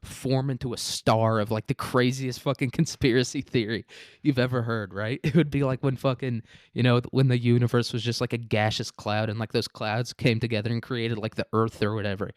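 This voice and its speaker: A man's voice: mid-range voice, level tone, a little fast, dry recording. A young man riffs crudely on news stories, rambling and swearing as he goes. His voice sits mid-range. The recording is close and dry. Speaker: host. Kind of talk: profane comedic news commentary.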